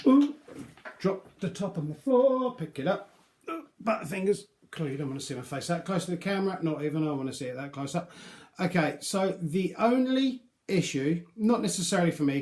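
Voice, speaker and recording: A man with a fairly high, slightly mellow voice chats casually through a beard product review, rambling and cracking self-deprecating jokes. The recording has an echoey room sound.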